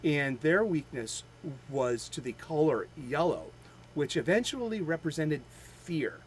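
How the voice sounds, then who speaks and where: A man's voice: a little high, very animated, a little hiss or hum, poor audio. A man with a Boston accent hosting a daily show, chatting casually with many fillers and restarts, full of a fan's enthusiasm. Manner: rambling, halting, with many fillers; enthusiastic fan. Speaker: host of a daily comics show. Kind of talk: casual chat.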